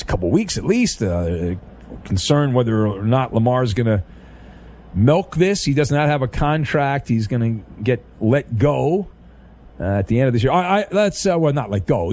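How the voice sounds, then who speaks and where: A man's voice: mid-range voice, darkish tone. A middle-aged man hosting a sports talk radio show, wry and rambling as he riffs on the news.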